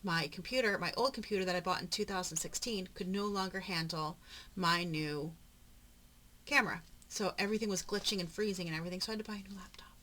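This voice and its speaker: Chatty low-voiced woman vlogging. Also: fairly quick, slight background noise. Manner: rambling, talkative, with frequent soft murmured asides. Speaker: papercraft vlogger. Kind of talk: casual chatty narration during a journal flip-through.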